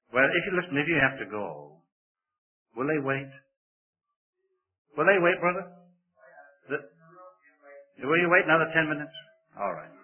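An older man preaching a sermon in a church, moving between loud, emphatic declaiming and quiet, joking asides to the congregation. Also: mid-range voice. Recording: tinny phone-like sermon recording.

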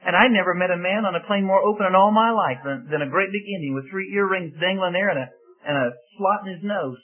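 Male preacher, lively storyteller, slightly high voice, phone-thin radio sound. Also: fast talker. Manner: animated storyteller, acts out quoted dialogue. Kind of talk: sermon storytelling. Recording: tinny phone-like radio broadcast.

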